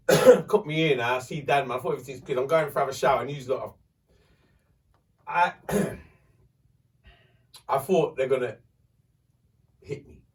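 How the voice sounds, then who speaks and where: A man, hosting a podcast and telling a story in a lively, profane way. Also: mid-range voice, moderate pace, long pauses, far from the mic. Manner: animated, swearing, acts out voices in his story. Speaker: podcast host. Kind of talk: casual storytelling.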